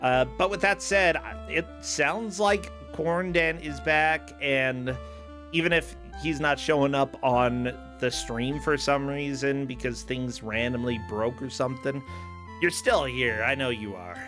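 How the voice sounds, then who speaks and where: A man co-hosting a streamed variety show in casual chat, chatty and breaking into loud excited outbursts. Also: mid-range voice, measured pace, faint music behind.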